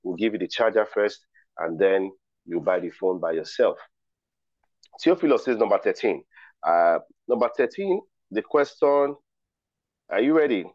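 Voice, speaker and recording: A man's voice: on the low side, animated, normal speed, long pauses, dry recording. A man hosting a virtual ceremony, running a riddle quiz in a playful, teasing way and reading out chat replies. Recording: dry, dull lo-fi call audio.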